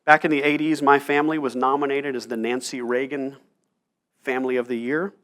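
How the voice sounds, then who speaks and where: Preaching a sermon in church, a pastor of around forty tells stories and keeps checking in with the room, dropping frequent "right?" asides. His mid-range voice has a fairly bright tone and a flat delivery, moving a little fast.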